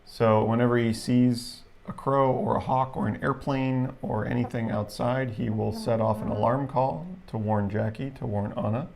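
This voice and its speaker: A man's voice: medium pitch, steady tone, normal speed, gravelly, hardly any pauses, a little mellow. A man co-hosting a casual livestream chat, explaining things at length with frequent fillers. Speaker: livestream co-host.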